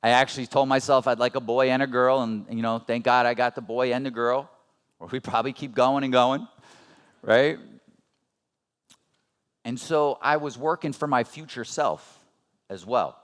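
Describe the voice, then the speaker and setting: A man's voice: mid-range voice, fairly even intonation, normal speed, long pauses, smooth. A man in his thirties giving a motivational seminar talk, earnest and conversational, asking the audience rhetorical questions. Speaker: motivational speaker at a business seminar.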